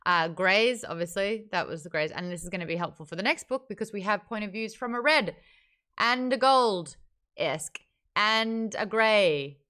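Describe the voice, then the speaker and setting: A chatty woman hosting a livestream book club, her voice bright and sharp. She talks in an animated, casual way, hopping from one topic to the next with a smooth, clear tone. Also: mid-range voice, moderate pace.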